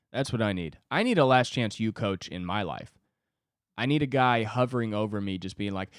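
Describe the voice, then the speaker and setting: A man's voice: fairly low pitch, animated, normal speed, dry recording, clean studio sound. A young man, a stand-up comedian, riffing casually and profanely on his solo podcast.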